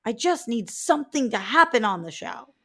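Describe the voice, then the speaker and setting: A woman co-hosting a casual podcast chat, blunt and animated, swearing freely. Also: a little high, normal speed, a crowd in the background. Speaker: co-host.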